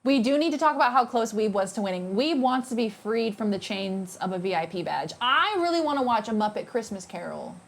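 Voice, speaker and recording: A woman's voice: on the high side, expressive, brisk, creaky, few pauses. A young woman streaming live, chatting casually and playfully with her viewers and thanking them by name.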